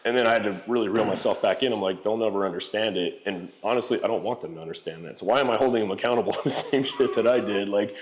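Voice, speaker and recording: This podcast guest is a real estate entrepreneur in his forties whose fairly low voice moves fast with hardly any pauses. He tells frank stories casually, swearing and leaning heavily on fillers such as "like" and "you know."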